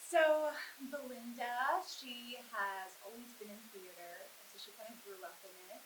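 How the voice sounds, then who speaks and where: A woman's voice: fairly high pitch, fairly even intonation, normal speed. A woman, a stage actress, chatting and giggling about her character. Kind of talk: casual interview. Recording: echoey room with hiss.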